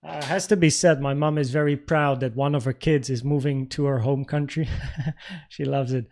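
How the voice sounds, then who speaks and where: A man's voice: mid-range voice, steady tone, moderate pace, darkish tone. A young man from the Netherlands hosting a casual livestream, rambling and restarting as he reads out viewer comments. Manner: rambling, with frequent restarts and filler words. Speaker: livestream trading host.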